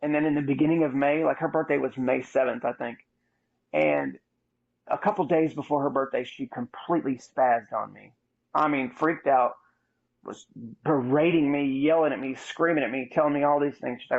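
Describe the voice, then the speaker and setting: Gravelly man telling a candid story. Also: mid-range voice, moderate pace. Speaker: podcast host. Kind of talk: casual storytelling. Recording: muffled lo-fi audio.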